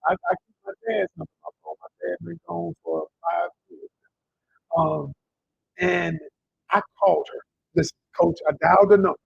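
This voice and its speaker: A man talks on a live stream as a relationship coach, speaking into a handheld mic. His voice is very raspy and husky, and his pitch swings widely. He sounds emotional and addresses his audience directly. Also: huge pitch swings, moderate pace, dull audio. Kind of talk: live-streamed storytelling talk. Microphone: handheld microphone.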